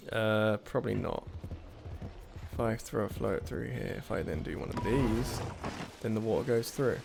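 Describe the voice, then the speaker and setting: A man's voice: on the low side, normal speed, creaky, music in the background. A man doing casual gameplay commentary on a puzzle game, muttering to himself as he works things out, with self-deprecating asides and sudden frustrated outbursts.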